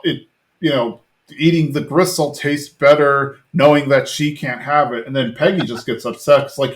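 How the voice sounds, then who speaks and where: Podcast host, man, mid-pitched, rambling casual recap with lots of filler, dips into character lines. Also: normal speed. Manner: rambling retelling full of "like" fillers, lightly mimicking characters' lines.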